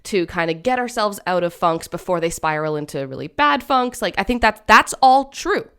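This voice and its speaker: A woman's voice: medium pitch, animated, normal speed, a bit bright, smooth. A woman in her thirties co-hosting a podcast, talking candidly in casual conversation with restarts and laughter. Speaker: podcast co-host.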